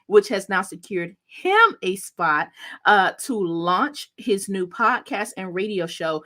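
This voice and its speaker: Upbeat woman hosting a livestream, bright voice. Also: medium pitch, lively intonation, a little slow. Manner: upbeat, effusive hype. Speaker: host and content coach. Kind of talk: casual livestream introduction.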